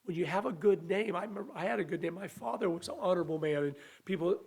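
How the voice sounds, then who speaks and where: A high-voiced man delivering a sermon. He speaks earnestly and conversationally, with a voice that sounds a little weak. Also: fast talker, vocal fry, a little mellow, husky. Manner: earnest, conversational preaching with restarts and acted quotes. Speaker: preacher.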